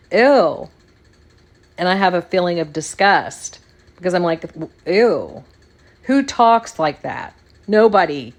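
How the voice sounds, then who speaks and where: Lady podcast host just talking, kinda low voice, circles back on the same phrases. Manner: rambling, repeats phrases for emphasis. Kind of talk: casual monologue.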